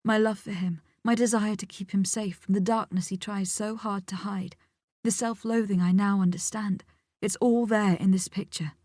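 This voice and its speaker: A woman narrating an audiobook in the first person, measured and intimate, sometimes dropping almost to a whisper. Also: mid-range voice, steady tone, darkish tone, dry recording, clean studio sound.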